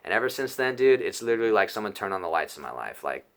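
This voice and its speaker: A young man telling a rambling personal story in a casual vlog, excitable and full of swearing and fillers. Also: lowish voice, quick pace. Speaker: YouTuber telling a trip story.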